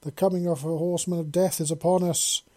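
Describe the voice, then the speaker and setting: A man's voice: fairly high pitch, flat delivery, brisk, mellow, dry recording, voice pushed up, close to an everyday voice. A man reading a story, voicing a whiny, nervous young male soldier who turns dramatic. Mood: whining. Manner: whining, dramatic.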